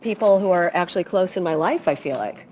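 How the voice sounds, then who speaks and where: A woman's voice: fairly low pitch, expressive, a little fast, muffled recording. A woman joining a podcast as a guest, calling in from work and chatting playfully in a bubbly, joking way. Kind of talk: casual call-in chat. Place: at work, no camera.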